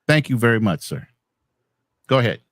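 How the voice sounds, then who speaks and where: A man's voice: medium pitch, sing-song, normal speed, dry recording, studio quality. Firm man moderating a livestream debate.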